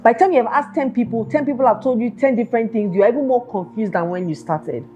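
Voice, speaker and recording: A woman hosts a self-help talk show as a podcast, earnestly firing off one rhetorical question after another to her listeners. Her voice is fairly high, quick and warm. The audio sounds dull, with a little hiss or hum.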